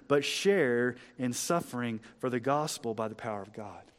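In his sermon, a man of the cloth lets his volume climb on crucial lines and fall away elsewhere, giving scripture a slow, emphatic reading.

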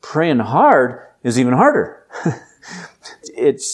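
A man preaching a sermon in a conversational, emphatic way, building up to loud, intense exhortation. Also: medium pitch, huge pitch swings, slow pace, slightly rough. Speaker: pastor.

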